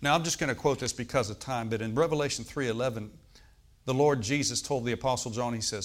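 A man's voice: mid-range voice, fast talker. A man preaching a sermon as pastor. He tells stories, acts out the voices in them and calls for amens from the congregation. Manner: storytelling preacher who acts out quoted voices.

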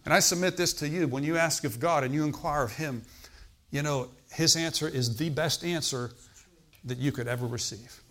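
A man's voice: on the high side, moderate pace, fairly bright tone. A man preaching a sermon in a conversational way. He asks the congregation questions and adds emphatic exclamations.

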